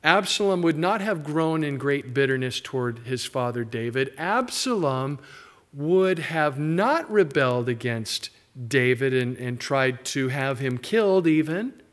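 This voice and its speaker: Middle-aged male pastor, lively sermon delivery with mocking asides, mid-pitched voice. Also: a little slow. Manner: animated preaching, mimics characters in asides.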